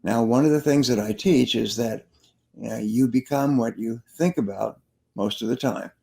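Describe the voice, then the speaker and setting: A man's voice: mid-range voice, moderate pace, vocal fry, dark tone. A man, a sales trainer and motivational speaker, telling stories in an interview and repeating his key phrases for emphasis. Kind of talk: interview storytelling.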